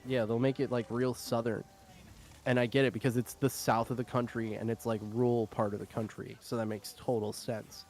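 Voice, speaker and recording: A young man chats casually on his stream, rambling through fillers and laughing often. His voice sits at an ordinary middle pitch. Soft music plays faintly underneath. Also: level tone, fairly quick. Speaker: streamer host. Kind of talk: casual chat.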